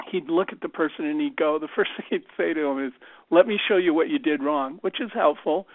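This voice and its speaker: A man's voice: a little high, creaky, no room sound. A man from Canada giving a casual, rambling motivational talk to a team, with lots of fillers. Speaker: speaker on a team call. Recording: tinny phone line.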